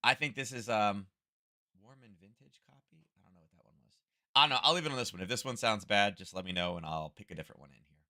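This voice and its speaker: Slightly hoarse man rambling casually. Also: lowish voice, quick pace, sharp tone. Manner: rambling, thinking aloud, chuckling asides. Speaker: trading stream host. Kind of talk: casual livestream chat. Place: at home. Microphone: close-up desk microphone.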